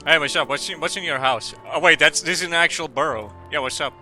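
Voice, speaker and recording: A male game streamer rambling loosely between jokes and curses, laughing often. His voice sits a little high and very bright. Faint music runs underneath. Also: fast. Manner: rambling, laughing, swearing freely. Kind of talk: casual gaming stream commentary.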